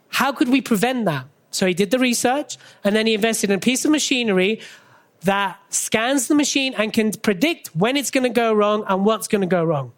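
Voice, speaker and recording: A lively speaker on an expo stage delivers a motivational business talk into a stage microphone. The delivery is conversational and punchy, with frequent quick questions to keep the audience involved. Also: mid-range voice. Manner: keeps checking in with the audience through quick questions; energetic, conversational, punchy short phrases. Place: stage at a live expo event.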